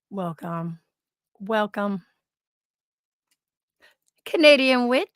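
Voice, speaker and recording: A woman's voice: on the high side, animated, a little slow, long pauses, a bit bright, dry recording, clean studio sound. Chatty woman hosting a livestream. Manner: chatty, swears freely, reads chat aloud. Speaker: livestream host. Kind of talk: casual livestream chat.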